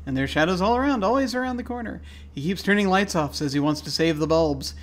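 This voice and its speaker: A man voicing a paranoid, unhinged diary writer, his voice climbing high and loud as the entries get more frantic. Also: lively intonation, fast. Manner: frantic, rising shrill and loud.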